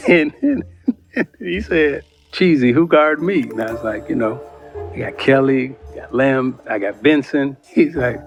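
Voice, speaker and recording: A man telling a sports anecdote on a talk show, animated and laughing between lines. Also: mid-range voice, measured pace, muffled recording, faint music behind. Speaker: former player telling a story.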